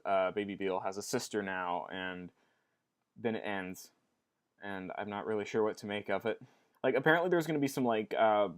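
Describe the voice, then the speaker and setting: A young man talking casually in a weekly vlog, rambling and restarting his sentences often. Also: lowish voice. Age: young adult. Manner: rambling, with many restarts and fillers. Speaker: vlogger.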